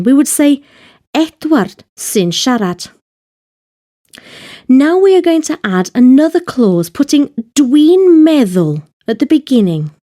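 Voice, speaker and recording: A woman narrating a scripted language lesson, explaining grammar slowly and carefully, step by step. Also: on the high side, mellow. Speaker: Welsh language teacher.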